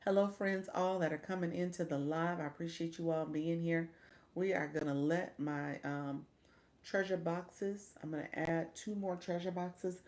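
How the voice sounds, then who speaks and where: A woman's voice: fairly low pitch, steady tone, moderate pace, a little mellow. A woman hosting a casual livestream, chatty and encouraging, talking straight to her viewers and saying y'all. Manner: chatty and encouraging, says y'all, mimics voices. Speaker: livestream coach and host.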